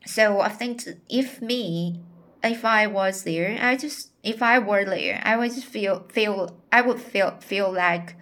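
A woman reading a novel aloud and pausing to give her own hesitant, careful commentary. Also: medium pitch, a bit bright. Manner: careful, hesitant, searching for words. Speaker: audiobook reader. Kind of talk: slow read-aloud with personal commentary.

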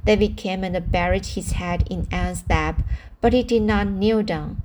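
A woman reading a novel aloud, careful and measured, often stumbling and correcting her words. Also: lowish voice, a little mellow, slight background noise. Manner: careful reading with frequent slips and self-corrections. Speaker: audiobook reader.

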